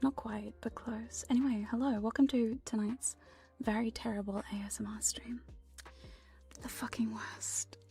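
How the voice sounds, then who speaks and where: A woman's voice: on the high side, steady tone, normal speed, creaky, warm tone, faint music behind. A woman streamer in a whispered ASMR stream chat, teasing and playful and swearing casually, recorded close on a binaural dummy-head microphone. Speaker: VTuber streamer.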